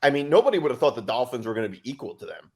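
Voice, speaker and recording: A man on a sports podcast panel, arguing fast with lots of filler phrases. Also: mid-range voice, very animated. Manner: quick, argumentative, lots of "I mean". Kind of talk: casual sports debate.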